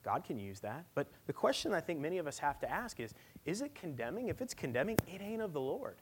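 A male pastor preaching a sermon at a church service, swinging from loud, emphatic lines to hushed, near-whispered ones. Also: a little high, big pitch swings, quick pace, background noise.

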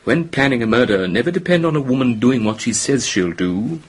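A charming, flippant young gentleman. His voice is very husky, and his intonation leaps widely as he performs his stories with mocking theatrics. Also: medium pitch, animated, fairly quick. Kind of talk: radio drama acting.

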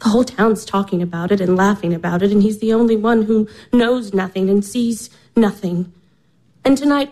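An actress playing a young woman in her twenties, worn down by dull office work and sliding into despair, in a radio play. Her voice sits a little high and turns anguished, cracking into sobs and faint whispers. She is weary and close to tears throughout. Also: warm tone, close to an everyday voice. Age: 20s. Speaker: stage actress in a radio drama.

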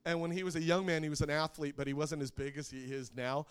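A man's voice: on the high side, fairly even intonation, fast, clear, resonant tone. A man preaching a sermon to a live congregation, conversational and joking, asking the audience questions. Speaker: pastor.

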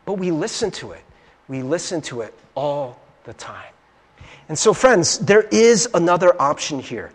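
A male pastor preaching in a casual, conversational way and asking the room "right?" again and again. His voice is high and husky, and it moves in lively leaps of pitch. A long reverb tail hangs after his phrases, as in a large church hall. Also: measured pace. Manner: animated storytelling. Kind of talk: sermon.

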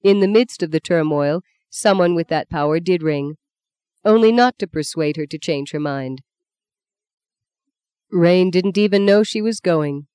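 Brief: steady novel narrator, mid-pitched, dry studio read. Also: smooth, no echo. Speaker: audiobook narrator.

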